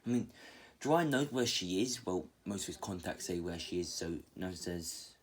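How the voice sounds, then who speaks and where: Deep-voiced man rambling through a story. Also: expressive, normal speed. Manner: rambling, full of fillers and restarts. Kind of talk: rambling retelling of a fan story.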